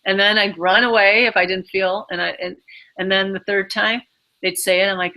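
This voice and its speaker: A woman with a bright, clear voice talks through emotional advice as an interview guest. She rambles, leans on fillers and slips into acting out her own inner voice. Her pitch sits at an ordinary middle height. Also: fairly even intonation, moderate pace, poor audio. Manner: rambling, filler-heavy, acts out inner dialogue. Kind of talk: casual advice talk.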